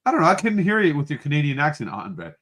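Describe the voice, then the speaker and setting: A man with a slightly raised pitch, trading jokes with his friends on a podcast. His talk is loose and playful, full of quick comebacks. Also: expressive, a bit bright. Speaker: podcast co-host. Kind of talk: casual banter.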